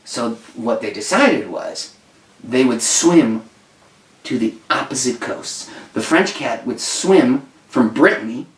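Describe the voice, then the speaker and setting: A man's voice: medium pitch, lively intonation, takes it slowly. Rambling man telling a tall tale. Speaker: podcast co-host. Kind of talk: casual chat. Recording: roomy, distant mic.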